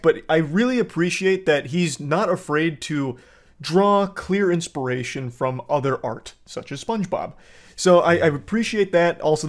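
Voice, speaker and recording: A man giving sarcastic, animated reaction commentary on a clip. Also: on the high side.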